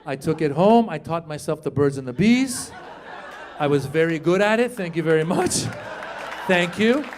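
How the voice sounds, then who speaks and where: A man performing a stand-up comedy routine, telling an animated story, acting out voices and talking with the crowd. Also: on the high side, normal speed, a little hiss or hum.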